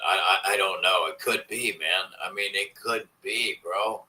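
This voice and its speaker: A vlogger chats casually with live-stream viewers, rambling and swearing as he complains in frustration. His low, bright voice is forceful, with fairly even intonation, an unhurried pace and hardly any pauses, though the audio is poor.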